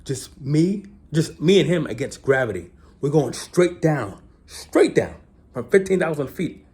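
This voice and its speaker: A man's voice: a little high, unhurried. A man vlogging a casual storytelling monologue. He retells events dramatically and keeps asking "right?". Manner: animated, repeats "right?" often, dramatic retelling.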